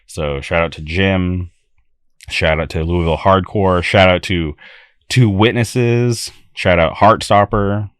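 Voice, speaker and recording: A man's voice: low voice, steady tone, slow pace, smooth, dry recording, studio quality. A young man hosting a podcast, talking in an enthusiastic, rambling way with frequent restarts. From California. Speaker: podcast host. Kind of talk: casual podcast talk.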